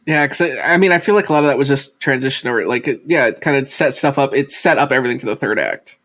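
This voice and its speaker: A man's voice: medium pitch, quick pace, fairly bright tone. A man co-hosting a podcast, answering in a hesitant, chuckling casual way. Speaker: podcast co-host. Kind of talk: casual chat.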